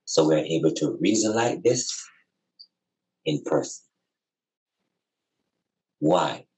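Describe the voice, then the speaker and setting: Speaking over a video call as a podcast guest, a man with an expressive bass voice talks slowly in a darkish tone on a low-quality recording. His reasoning is earnest and impassioned, repetitive and preacherly in its emphasis.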